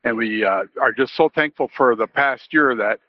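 A man's voice: medium pitch, normal speed, dry recording. Man telling a story over a dull line. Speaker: caller. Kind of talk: sharing a story on a call-in show.

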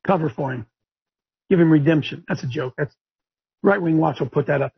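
Fiery gravelly man ranting on a talk show. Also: fairly quick, muffled recording. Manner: fiery and preachy, rising to shouts and high mocking voices. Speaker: show host. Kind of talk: impassioned talk show rant.

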